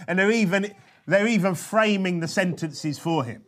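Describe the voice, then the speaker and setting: Higher-voiced conversational male preacher. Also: a bit bright. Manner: conversational, with frequent tag questions; slows and stresses quoted scripture. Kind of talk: sermon.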